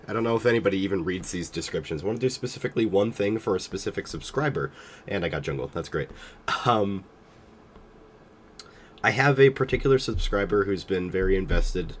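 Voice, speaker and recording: Low-voiced tired young man streaming. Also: fairly quick, slight background noise. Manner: rambling, hesitant, self-deprecating. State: sick and tired. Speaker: gaming streamer. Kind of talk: casual stream chat.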